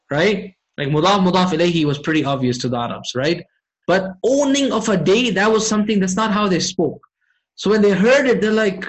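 A man teaching an online Arabic grammar class, often asking his students questions and reciting verses quickly. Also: high voice, rough recording. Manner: engages students with frequent questions.

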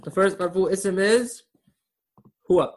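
A man's voice: high-pitched, unhurried. A man teaching a live online grammar class over a video call, quizzing his students and laughing at his own jokes.

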